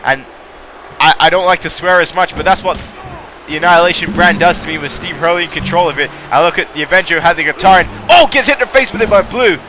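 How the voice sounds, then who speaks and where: A high-voiced man calls a video game wrestling match play by play. His tone is bright and sharp, and he gets excitable and swears casually as he talks. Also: quick pace, slight background noise. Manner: excitable, mildly profane, breaks into laughs. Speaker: commentator.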